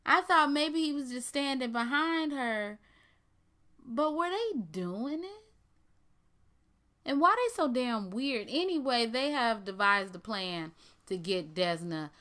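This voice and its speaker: Smooth-voiced woman, blunt sarcastic recap. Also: medium pitch, sharp tone. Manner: blunt, sarcastic running commentary. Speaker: TV recap vlogger. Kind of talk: casual TV episode recap.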